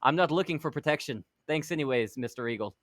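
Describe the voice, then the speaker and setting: A man's voice: on the high side, animated, fast talker, fairly bright tone, dry recording, clean studio sound. A man voicing a polite but firm male wrestler in a put-on Scottish accent. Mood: politely firm.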